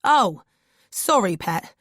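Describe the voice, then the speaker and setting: A man's voice: high-pitched, big pitch swings, takes it slowly, fairly bright tone, no room sound, studio quality, heavily acted. Woman putting on a chatty Cockney cabbie. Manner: gossipy, disapproving. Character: chatty middle-aged male London cabbie.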